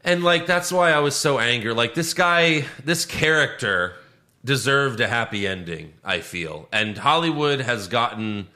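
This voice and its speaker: Guy ranting about a movie, swears a lot, voice shoots up high when he's mad, bright tone. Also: animated, measured pace. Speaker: podcast co-host. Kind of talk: casual movie review chat.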